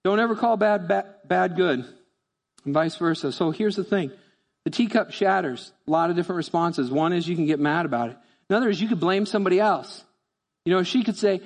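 A man preaching a sermon in a conversational, animated way, often acting out voices. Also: high-pitched, fairly quick, in a large hall. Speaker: pastor.

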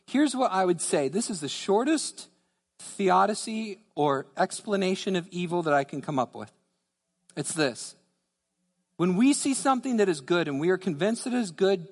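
A man with a fairly high voice preaching a sermon from the pulpit. He repeats key phrases for emphasis and drops low on the words he wants to land. His voice rings through a church hall with a long reverb tail. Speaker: pastor. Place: church sanctuary.

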